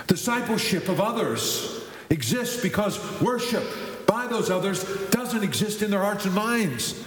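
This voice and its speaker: A man delivers a sermon in a church sanctuary, his voice sitting a little high for a man. He stumbles and restarts his phrases, then presses on into emphatic runs of lists. The sound rings with a long, roomy reverb. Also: a little hiss or hum. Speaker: pastor. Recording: echoey hall with long reverb.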